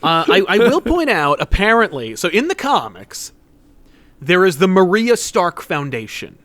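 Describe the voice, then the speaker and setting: A man's voice: high-pitched, big pitch swings, a little slow, a bit bright, dry recording. A young man co-hosting a casual podcast, rambling through theories with lots of fillers. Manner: rambling, acts out characters. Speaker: podcast co-host. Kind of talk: casual comic-book chat.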